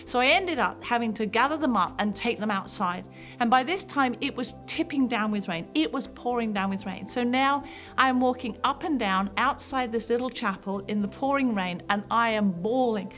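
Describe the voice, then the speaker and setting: A woman pastor in her fifties tells a personal testimony to mothers, earnest and heartfelt. Her voice sits fairly high, with soft music playing faintly underneath. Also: normal speed.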